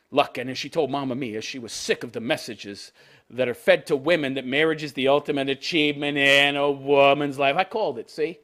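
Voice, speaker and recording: Sarcastic middle-aged man with a lively voice. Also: fairly high pitch. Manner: sarcastic and crude, laughs at his own jokes. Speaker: commentary vlogger. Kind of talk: mocking commentary on a news story.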